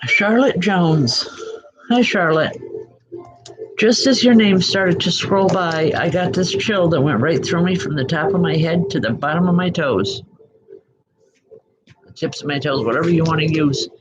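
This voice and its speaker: This spiritual medium, a woman, does readings live online, greeting viewers by name in a soft, hesitant manner. Her pitch sits low, and the lo-fi recording sounds muffled with background music.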